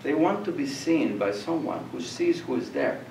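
Older man lecturing in a hall, animated storyteller; distant, roomy recording with light hiss. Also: a little high, normal speed, gravelly. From Colombia. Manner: animated storyteller, acts out voices and laughs. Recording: echoey room, distant mic, faint noise.

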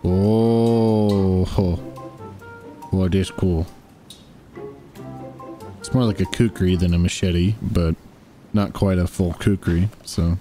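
A man streaming a co-op survival game, joking crudely with friends and yelling at surprises. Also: low-pitched, steady tone, slow, pauses often, faint music behind. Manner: crude joking, loud outbursts. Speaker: gaming streamer. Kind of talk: casual co-op gameplay banter.

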